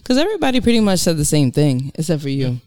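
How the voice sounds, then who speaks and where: Woman co-host, crisp, dry studio sound, playful teasing banter. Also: low-pitched, quick pace, dry recording. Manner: laughing, teasing, animated storytelling. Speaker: podcast co-host. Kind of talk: casual chat.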